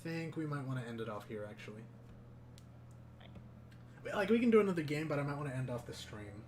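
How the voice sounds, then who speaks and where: A man's voice: medium pitch, sing-song, fairly quick, a little hiss or hum. A man streaming a video game, chatting casually, joking and swearing freely. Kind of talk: casual chat while gaming. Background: game music.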